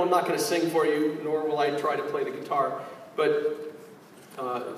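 A man's voice: a little high, far from the mic, a little hiss or hum. Man preaching in an echoey hall. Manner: rambling, joking asides. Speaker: pastor. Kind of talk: sermon.

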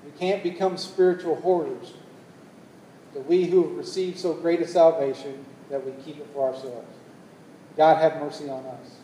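High-voiced preacher in an echoey church. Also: male voice, far from the mic, a little hiss or hum. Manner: preaching, building to loud emphatic calls. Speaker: pastor. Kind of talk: sermon. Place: church hall. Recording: echoey hall, long reverb.

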